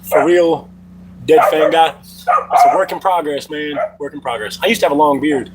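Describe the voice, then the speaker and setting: A man's voice: on the high side, normal speed, heavy background noise. Profane middle-aged man livestreaming. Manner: loose, profane storytelling. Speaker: livestream host. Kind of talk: casual livestream chat.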